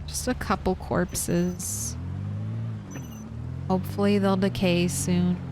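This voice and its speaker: A woman's voice: fairly low pitch, little pitch movement, slow, background noise. A woman streaming a survival game, chatting casually and answering her chat as she plays. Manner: chatty, reads and answers chat while playing.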